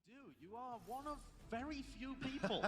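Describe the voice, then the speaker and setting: A man giving measured, analytical color commentary on an esports match. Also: very high voice, expressive.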